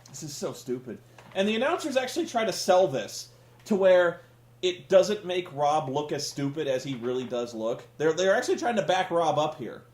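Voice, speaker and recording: A man's voice: on the high side, sing-song, moderate pace, a little mellow, echoey room. A man hosting a casual comedic rant, sarcastic and profane, sounding exasperated. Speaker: podcast host reviewing wrestling.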